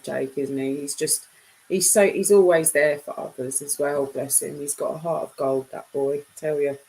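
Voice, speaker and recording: A woman's voice: on the low side, darkish tone, low-quality recording. A woman chatting casually on a live stream, reading viewers' comments and bantering with them, laughing often.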